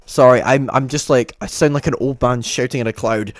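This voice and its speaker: A man's voice: medium pitch, fairly even intonation, fairly quick, no room sound, clean studio sound. A man hosting a livestream, giving casual, rambling race commentary and sounding exasperated. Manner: exasperated, rambling, self-interrupting. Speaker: livestream host.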